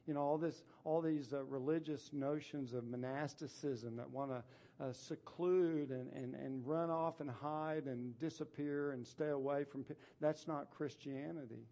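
Man, pastor, sermon, mellow warm voice, emphatic repetition, scripture reading. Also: a little high, steady tone, unhurried. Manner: emphatic, repeats phrases for stress; reads scripture aloud then explains it.

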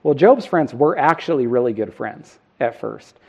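A man's voice: medium pitch, animated, moderate pace, vocal fry, breathy edge, narrow, tinny audio. A middle-aged man preaching a sermon, earnest and self-deprecating, putting questions to the congregation. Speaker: pastor.

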